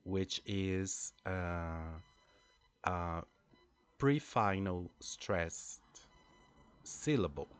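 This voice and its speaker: A man who is not a native English speaker, teaching pronunciation slowly and deliberately and repeating words for drilling. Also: deep voice. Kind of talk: pronunciation lesson.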